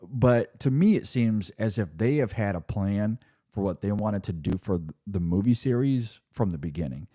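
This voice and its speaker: On this clean studio track with no room sound, a male co-host of a film podcast speaks at a moderate pace in a low-ish, warm voice with lively intonation. His casual talk wanders, full of restarts and "like" and "you know."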